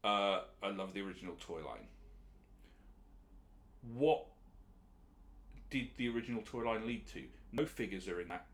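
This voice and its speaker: A man's voice: lowish voice, lively intonation, normal speed, long pauses. A man co-hosting a casual podcast chat, talking with knowing enthusiasm. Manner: knowledgeable, enthusiastic about collectibles. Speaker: podcast co-host. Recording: echoey room.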